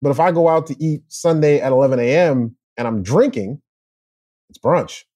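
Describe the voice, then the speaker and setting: A man chatting on a podcast in an easygoing, joking way. His voice is mellow and warm at a middling pitch. The recording is close and dry. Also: normal speed, no room sound. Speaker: podcast co-host. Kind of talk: casual chat.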